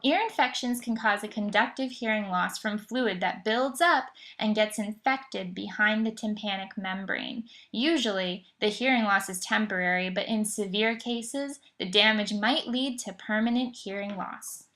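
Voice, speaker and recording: A woman's voice: medium pitch, normal speed, few pauses, fairly bright tone. Woman, lecture voice-over, methodical explainer, occasional um and restarts. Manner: explanatory, occasional fillers and self-corrections. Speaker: presenter of an educational slideshow. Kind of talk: scripted educational narration.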